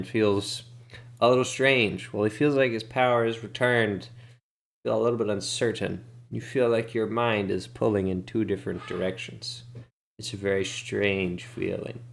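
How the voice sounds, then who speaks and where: Lowish-voiced relaxed game master. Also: male voice, gravelly. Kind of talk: narrating a tabletop game.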